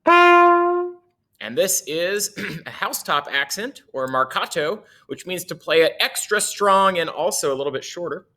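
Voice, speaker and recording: A man's voice: sits high, big pitch swings, measured pace, sharp tone. A man teaching a casual music lesson, playful and chuckling often as he explains.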